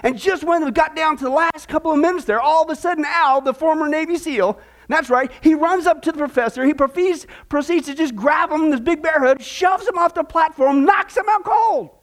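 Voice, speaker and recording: A man's voice: very high voice, brisk. A man preaching a sermon, telling a humorous story in a folksy, joking way and tossing rhetorical questions to the congregation. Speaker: pastor.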